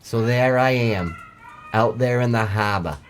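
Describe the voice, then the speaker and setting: A man's voice: mid-range voice, measured pace, a little hiss or hum, close to an everyday voice. A man voicing a foul-mouthed, blustery male lobster diver with a Maine accent, telling his tale in a profane ramble.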